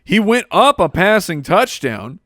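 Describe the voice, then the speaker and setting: A man co-hosting a fantasy football podcast, with quick teasing banter. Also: sits high, very animated, fairly bright tone, no room sound, clean studio sound. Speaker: podcast co-host.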